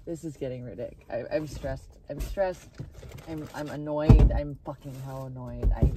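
A woman's voice: low-pitched, animated, moderate pace. A young woman live-streaming by her car, exhausted, rambling and swearing heavily as she talks to her viewers. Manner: heavy swearing, rambling and restarting. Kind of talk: casual live-stream chat. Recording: distant phone mic, loud background noise.

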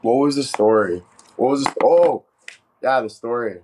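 A man casually telling a joking story on a live stream, animated and swearing freely. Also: medium pitch, moderate pace, a little hiss or hum.

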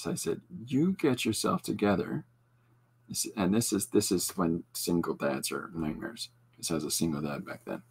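A man in his forties hosting a podcast, telling rambling, self-deprecating stories in casual chat, with halting restarts and frequent laughs. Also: low-pitched, gravelly, slightly rough. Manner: halting restarts with many fillers. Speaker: podcast host and artist.

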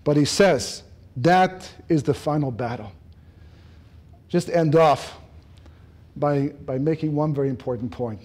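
A man giving a Torah lecture, animated, joking and laughing as he acts out dialogue. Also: fairly high pitch, measured pace, pauses often. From lives in Israel. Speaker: rabbi giving a Torah talk. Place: lecture room.

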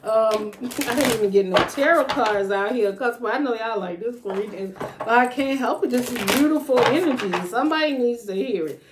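A woman's voice: a little high, normal speed, few pauses, background noise. A woman giving a casual, rambling tarot reading, thinking aloud with fillers and trailing thoughts. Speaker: tarot reader.

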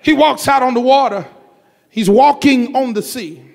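A male pastor delivers a sermon in a church. His voice sits extremely high and carries a gravelly rasp. He preaches in a rhythmic, repetitive cadence that breaks into shouted bursts. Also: moderate pace.

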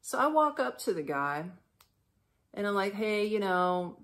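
A woman from the United States, hosting a podcast and telling a travel story in a chatty, animated way with lots of fillers and acted-out dialogue. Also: mid-range voice, a little slow. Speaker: podcast host. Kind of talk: casual storytelling.

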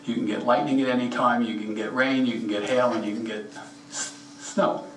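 A man talks through a slide presentation in a plainspoken, folksy way, speaking straight to the audience. His voice sits at an ordinary middle pitch. The room is echoey, and he stands well back from the microphone. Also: steady tone, a little fast, fairly bright tone, recorded from a distance. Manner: plainspoken, folksy, gives practical advice directly. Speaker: presenter at a mineral show. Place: meeting room at a rock and mineral show.

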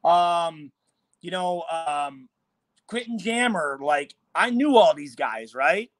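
A man in a hotel room on a video call, a former football player telling animated, profane stories in casual chat. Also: a little high, slow pace, dry recording. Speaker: former NFL player guest.

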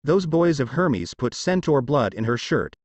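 A man reading the lines of an impatient young female huntress leader who speaks briskly. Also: mid-range voice, sing-song, darkish tone, no echo. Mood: irritated. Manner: brisk, irritated.

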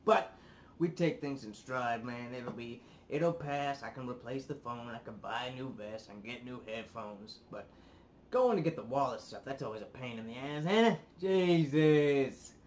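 A man's voice: mid-range voice, normal speed, slight background noise. A young man hosting his reaction vlog, casually ranting at his viewers, swearing a lot and sounding worked up. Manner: swears often, animated and worked up. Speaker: reaction video host.

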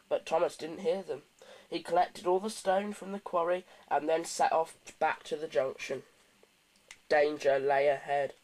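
A man narrating a children's storybook audiobook in a steady, gentle storytelling manner. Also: on the high side, measured pace, poor audio.

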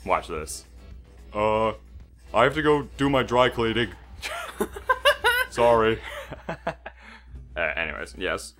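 Young male let's-play co-host, low but bright voice, rambly storyteller. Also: expressive, slow pace, long pauses, soft background music. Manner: rambling, storytelling, easily sidetracked. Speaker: gaming channel co-host. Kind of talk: casual let's-play banter.

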